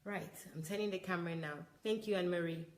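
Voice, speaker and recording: A woman's voice: lowish voice, fast. A woman hosting a livestream, greeting viewers by name and chatting in an upbeat way. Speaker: livestream host. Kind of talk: casual livestream chat. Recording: echoey room, faint noise.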